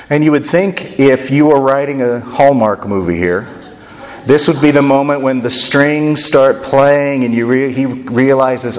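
A man's voice: medium pitch, unhurried, in a large hall. A man preaching a sermon, retelling a story and acting out its voices expressively. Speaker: pastor.

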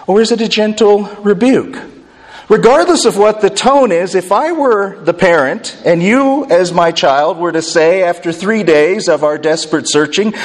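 A male pastor preaches a sermon in an animated way and poses frequent rhetorical questions. His voice sits fairly high for a man. A long hall reverb trails behind his words. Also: unhurried.

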